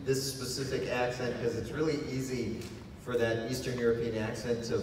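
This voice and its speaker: A man's voice: mid-range voice, flat delivery, moderate pace. Guarded male producer in an echoey hall. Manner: guarded, laughing. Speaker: series producer. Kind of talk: panel talk. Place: large convention hall. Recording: echoey hall, far mic, noise.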